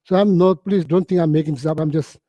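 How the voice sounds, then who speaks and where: Mellow-voiced man telling teaching stories. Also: a little high, fairly even intonation, no room sound, lo-fi sound. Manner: halting, repetitive phrasing with frequent "you know"; clears throat often. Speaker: Buddhist teacher. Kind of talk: storytelling dharma talk.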